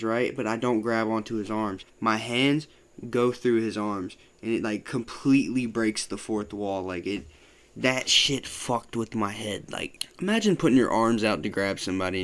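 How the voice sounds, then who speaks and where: A young man telling a story to his channel in a loose, casual way, swearing often and filling pauses with "like". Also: on the low side, fairly bright tone, clear, resonant tone. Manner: loose, profane, full of "like" fillers. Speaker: vlogger.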